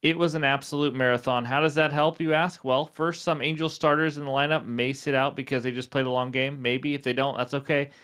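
A man's voice: medium pitch, fairly even intonation, a little fast, few pauses, a bit bright, clean tone. A man hosting a sports betting show, rattling off statistics in an easygoing, conversational way. He fills gaps with "um" and "uh" as he builds his case for each pick. His voice is wearing thin. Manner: chatty, fillers and stat rundowns. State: losing his voice. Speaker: sports betting podcast host. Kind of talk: casual betting picks talk.

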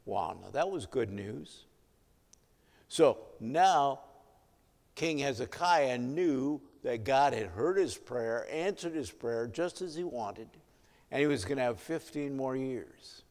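A male pastor preaching an evening sermon, telling the story in a measured way and letting his voice swell and drop for emphasis. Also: medium pitch, animated, a little mellow. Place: church sanctuary. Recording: long hall reverb.

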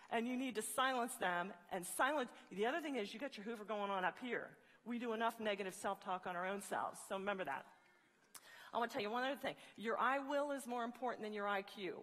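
Woman speaker, lively joking storyteller, fairly high voice, long hall reverb. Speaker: motivational speaker. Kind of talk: humorous faith-based talk to students. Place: large college hall.

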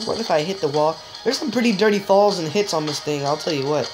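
A woman giving joking, excitable let's-play commentary, chatting straight to viewers and letting out sudden high yelps. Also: quick pace, hardly any pauses, poor audio. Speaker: gamer. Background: game music.

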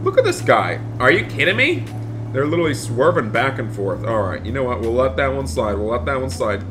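A man's voice: medium pitch, very animated, fairly quick, music in the background. A man playing a police deputy in a game role-play, barking commands and repeating his disbelief in an exasperated way. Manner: repeats stock phrases in disbelief.

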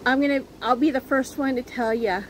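A woman chatting earnestly to her viewers as a crochet vlogger, halting and restarting as she goes. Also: sits high, steady tone, slight background noise, poor audio. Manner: earnest, heartfelt. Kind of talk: casual chat to viewers.

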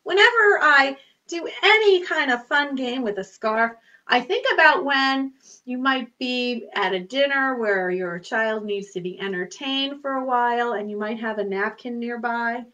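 A woman with a high, bright voice leads a children's storytime. She speaks slowly and in a sing-song way, stretching her words and exaggerating for small children. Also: muffled recording. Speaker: children's librarian.

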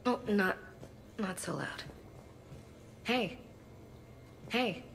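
An actress playing a groggy, hungover female crewmate with a creaky voice, for a video game. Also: medium pitch, animated, drawn-out words, a bit bright, slight background noise, exaggerated voice, rough recording.

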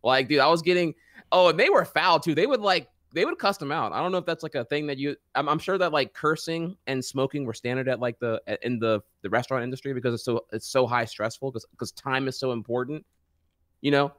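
A man's voice: mid-range voice, a little fast, a bit bright, dry recording, clean studio sound. A man co-hosting a casual podcast chat, telling rambling, profane stories full of fillers. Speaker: podcast co-host.

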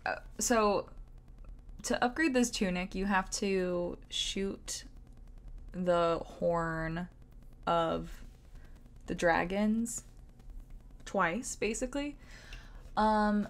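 A young woman from the American South talks through her gameplay in an unhurried, easygoing way. Her Southern accent comes through naturally, and she chats and giggles often, scattering "like" through her sentences. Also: mid-range voice. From Southern United States. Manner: chatty and giggly, lots of "like" fillers. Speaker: streamer. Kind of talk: casual gameplay commentary.

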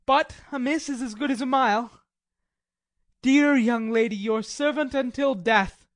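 A worn-out male Swiss mercenary, jumpy and wry yet unfailingly polite, read by a woman. The voice sits a touch high. It comes across dry and close, with no room around it. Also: unhurried, dry recording. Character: weary hungry male Swiss mercenary soldier. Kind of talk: audiobook drama reading.

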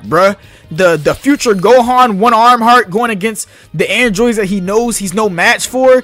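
A young man giving live, excitable, slang-heavy commentary as he plays a video game. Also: high voice, moderate pace, dry recording, faint music behind. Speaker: gamer.

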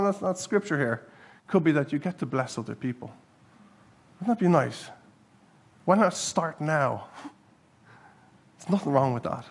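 A male pastor delivers a sermon in a church hall, earnest and animated. His voice sits a touch high for a man and has a husky, breathy edge. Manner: earnest, animated, with sudden bursts of laughter.

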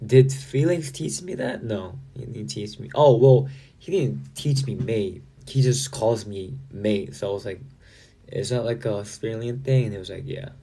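A man casually chatting with fans on a livestream, reading out and answering their comments in a relaxed way. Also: on the low side, moderate pace, vocal fry, hardly any pauses, breathy edge. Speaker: livestream host.

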